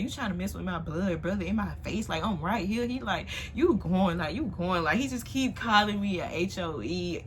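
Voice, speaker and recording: A woman in her twenties telling a story in casual vlog chat to a phone camera, animated, dropping to hushed asides and jumping up to loud exclamations. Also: on the low side, a little hiss or hum. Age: 20s. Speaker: vlogger. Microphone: phone on tripod.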